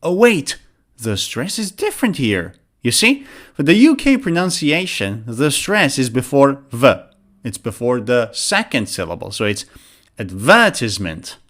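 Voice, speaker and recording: A man teaching English pronunciation, demonstrating stress and intonation patterns with slow, exaggerated examples. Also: mid-range voice, very animated, a bit bright. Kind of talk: lesson narration with spoken examples.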